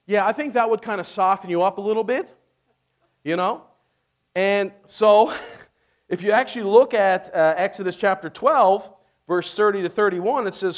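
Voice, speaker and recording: A man's voice: sits high, normal speed. A man preaching a sermon, retelling a Bible story in a casual, joking way and asking "amen?". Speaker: pastor.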